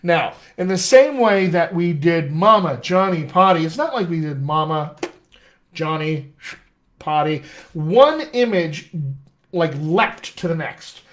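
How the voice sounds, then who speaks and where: A man with a General American accent teaches a live session as a dialect coach, his voice sitting a little higher than most men's. He explains off the cuff and keeps checking in with his listeners. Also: very animated, a little slow, fairly bright tone. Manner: extemporaneous, explanatory, frequent "all right?" check-ins.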